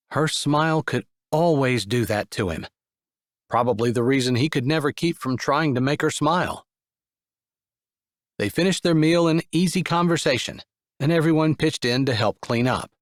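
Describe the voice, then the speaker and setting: A man narrates an audiobook in a mid-pitched voice that rises and falls with a lot of life. The recording is close and dry, with no room sound. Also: no echo. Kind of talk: scripted narration.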